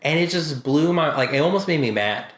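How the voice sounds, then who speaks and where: A man co-hosting a podcast in casual chat, telling stories with lively acted-out quotes. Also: brisk, roomy sound. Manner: animated storytelling, acts out quotes with big pitch jumps. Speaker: podcast co-host.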